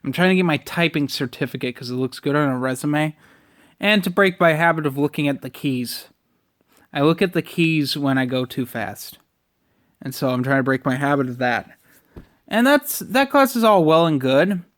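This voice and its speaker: A man's voice: a little high, lively intonation, moderate pace, a bit bright. A man in his twenties ranting casually in a vlog, irritable and full of profanity. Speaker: vlogger.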